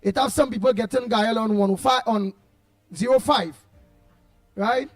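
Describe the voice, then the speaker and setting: A Trinidadian man hosting a live show, greeting viewers one by one in loud, husky, playful banter. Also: very high-pitched, normal speed, dry recording, studio quality, faint music behind. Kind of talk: casual live-stream chat.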